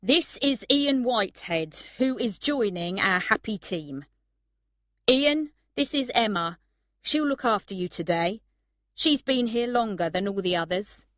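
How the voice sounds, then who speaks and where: A woman's voice: mid-range voice, expressive, measured pace, fairly bright tone, dry recording, clean studio sound, pitched above the performer's own voice. A woman voicing a tired male restaurant manager in a storybook reading. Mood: announcing.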